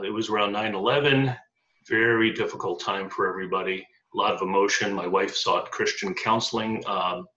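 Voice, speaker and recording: A man's voice: lowish voice, sharp tone. A middle-aged man telling his life story in an interview, with many ums and uhs. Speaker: interview guest. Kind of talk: casual storytelling. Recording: dull lo-fi audio in echoey room.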